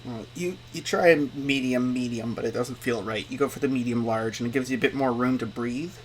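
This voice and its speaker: A man's voice: mid-range voice, fairly quick, a little hiss or hum. Man running a tabletop game. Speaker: game master.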